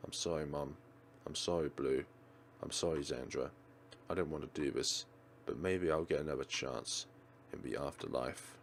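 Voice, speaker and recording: A man reading the lines of a guilt-stricken teenage schoolgirl in a visual novel, in a hushed, somber, despairing way. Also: deep voice, moderate pace, slight background noise, voice pushed down, close to an everyday voice. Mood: mournful.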